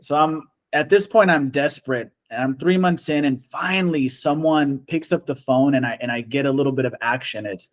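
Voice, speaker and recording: A man telling a long story in casual chat, animated and acting out the quoted lines of the people in it. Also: mid-range voice, moderate pace, hardly any pauses. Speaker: storyteller guest.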